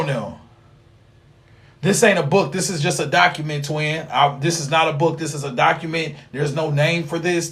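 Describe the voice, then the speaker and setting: A man holds forth on a casual livestream. His voice sits a bit high for a man, and he rambles in a loose, slang-heavy, profane way. He lectures his viewers like a street preacher. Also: fairly bright tone. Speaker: livestream host teaching occult class.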